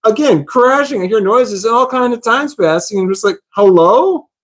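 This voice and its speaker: A man's voice: very high-pitched, brisk, fairly bright tone. A man telling a story in casual talk, rambling, repeating himself and swearing. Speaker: vlogger.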